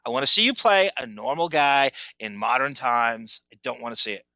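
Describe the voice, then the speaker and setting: A man's voice: mid-range voice, brisk, bright, forceful tone, no echo, lo-fi sound. A man co-hosting a podcast in casual chat. He gives blunt opinions and often restarts his sentences. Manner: blunt, opinionated, repeats words when starting sentences. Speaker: podcast co-host.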